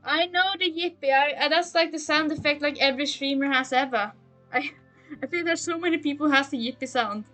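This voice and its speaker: German-accented young woman streamer, high and sparkly, rambly self-mocking chat, faint music under. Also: brisk, fairly bright tone, rough recording. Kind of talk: casual live-stream chat while gaming. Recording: streaming mic with faint game music behind.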